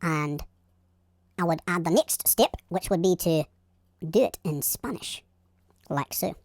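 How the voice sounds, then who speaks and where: A man's voice: a little high, unhurried, creaky, no room sound, pitched above the performer's own voice. Man putting on a jokey scottish accent, bouncy up-and-down voice, dry sound. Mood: showing off. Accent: put-on Scottish. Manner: lively, teasing, demonstrative. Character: playful mock-Scottish man, teacherly show-off.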